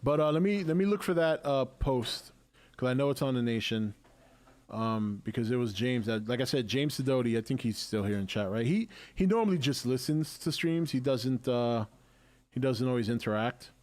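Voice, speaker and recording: A man's voice: medium pitch, moderate pace, a little mellow. Man, live stream host, chatty, laughs a lot, casual. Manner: chatty, laughs often, restarts sentences.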